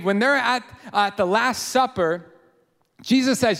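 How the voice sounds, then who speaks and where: A high-voiced man preaches an expository sermon in a casual, animated way, stumbling into restarts and fillers. His voice rings out in a church hall with a long reverb tail. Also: unhurried. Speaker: pastor.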